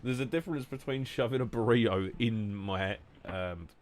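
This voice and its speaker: A young man streaming a game, rambling and joking casually while answering chat in a flat, monotone way. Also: moderate pace. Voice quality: low monotone voice. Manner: rambling, jokey, reacting to chat.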